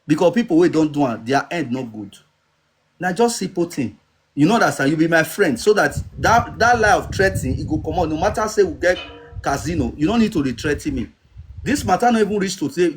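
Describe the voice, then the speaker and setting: A man with a Nigerian accent talking in a casual live stream, insistent and often asking if he is understood. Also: a little high. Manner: insistent, repeats "you understand?".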